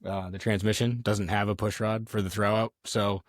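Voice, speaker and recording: A man's voice: on the low side, level tone, normal speed, no room sound, clean studio sound. A man co-hosting a podcast in casual chat, laid-back and explaining things step by step. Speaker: podcast co-host.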